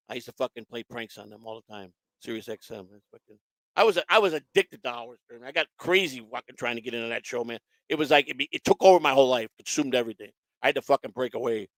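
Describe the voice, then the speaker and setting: A man's voice: mid-range voice, quick pace, a bit bright, dry recording. A man hosting a casual chat, rambling and swearing, with lots of restarts. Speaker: show host.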